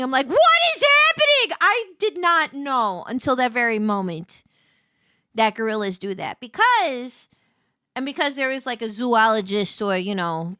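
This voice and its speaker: A woman streamer chatting casually while playing a game, telling stories in an animated way. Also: a little high, no echo, studio quality. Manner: animated storytelling with laughs. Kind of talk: casual chat while gaming.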